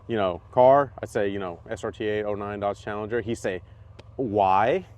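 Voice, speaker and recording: This man, a driver co-hosting a laid-back podcast chat, talks fast in a fairly low voice. Recorded outdoors at a race track with faint trackside noise, he animatedly spins stories, imitates others' lines, and laughs a lot.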